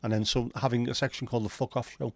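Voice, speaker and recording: A man's voice: medium pitch, flat delivery, fast talker, vocal fry, dry recording. A man hosting a casual livestream, chatting and bantering loosely with plenty of swearing while reading viewer comments. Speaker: livestream host.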